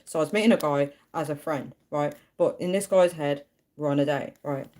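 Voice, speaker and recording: A young woman telling a story casually on a livestream, chatty and animated. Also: low voice, brisk. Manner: chatty, animated, acts out quoted voices. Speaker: live streamer.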